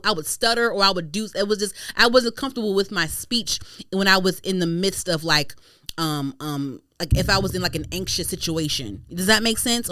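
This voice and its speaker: A woman from Maryland hosting a podcast in casual chat. She talks fast into a studio mic, with tumbling restarts. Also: lowish voice, pushed and bright, no room sound. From Prince George's County, Maryland. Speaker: podcast host.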